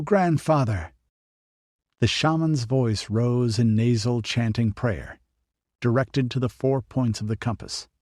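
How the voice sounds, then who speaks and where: Male audiobook narrator, steady storytelling, mid voice, dry booth sound. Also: medium pitch, no echo. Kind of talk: scripted narration.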